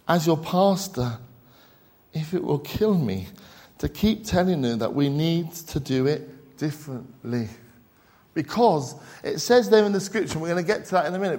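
A pastor with a high voice delivers a sermon, preaching earnestly and posing rhetorical questions to the congregation.

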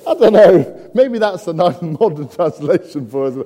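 High-voiced preacher in an echoing church. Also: male voice, lively intonation, normal speed, mellow. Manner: humorous asides and rhetorical questions. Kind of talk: sermon. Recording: long church reverb.

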